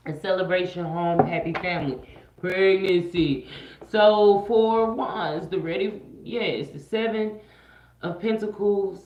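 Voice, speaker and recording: Woman, lower voice, casual tarot livestream reader, slangy and repetitive; echoey room, muffled lo-fi mic. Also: takes it slowly. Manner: chatty and slangy, repeats phrases, sometimes half-sings.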